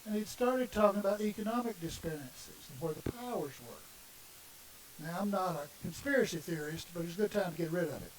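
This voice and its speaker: High-voiced minister preaching from afar. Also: male voice, animated, fairly quick. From Southern United States. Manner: impassioned, emphatic, rhetorical questions. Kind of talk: sermon. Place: congregation meeting room. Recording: distant mic with faint hiss.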